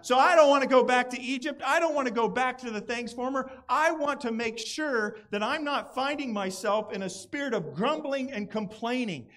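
A man preaching a sermon to his congregation, animated and playful, sometimes putting on voices when quoting. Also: very high-pitched. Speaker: pastor. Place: church gathering outdoors.

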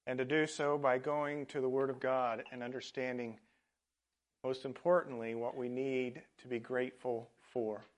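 A man's voice: mid-range voice, level tone, moderate pace. A man preaching a sermon as a pastor, speaking earnestly. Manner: earnest, with frequent fillers and restarts.

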